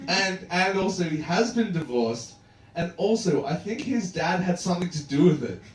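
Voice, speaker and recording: A man's voice: high voice, expressive, moderate pace. An Australian man doing a loose, rambling roast set on a comedy club stage, peppering everything with man and dude. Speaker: stand-up comedian. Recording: echoey club room, distant mic, background noise. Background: audience laughter.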